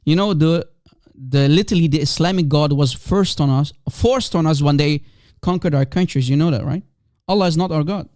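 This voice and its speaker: A man's voice: on the high side, moderate pace, a little mellow, no echo, clean studio sound. A man whose first language is Aramaic hosts a live call-in stream, talking emphatically and repeating rhetorical questions to his audience.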